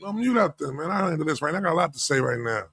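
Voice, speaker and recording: A brash man from New York City jumps into a casual podcast chat. His voice sits a bit high. The sound is dry. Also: animated, very fast, gravelly, a bit bright, slightly rough, dry recording.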